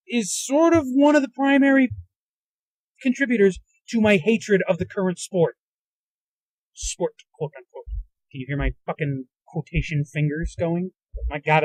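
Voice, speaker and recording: Man, podcast host, angry profane rant, high voice, dry close sound, recorded in a car. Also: a little mellow, dry recording, rough recording. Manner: agitated, profane, ranting. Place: inside a moving car. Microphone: handheld recorder in a car.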